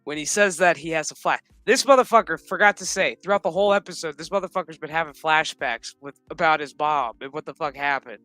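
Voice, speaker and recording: A man rattles through a TV episode recap, swearing freely and dropping into mocking impressions of the characters. His voice sits fairly high and sounds bright and sharp. The recording is dry and close, with faint music running in the background. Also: fast talker, hardly any pauses, no room sound. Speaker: show recap commentator. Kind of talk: crude comedic episode recap.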